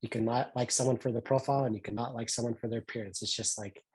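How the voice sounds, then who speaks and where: Husky guy on a podcast, brash, slangy, defensive banter. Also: mid-range voice, steady tone, quick pace, darkish tone. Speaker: podcast co-host. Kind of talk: casual chat.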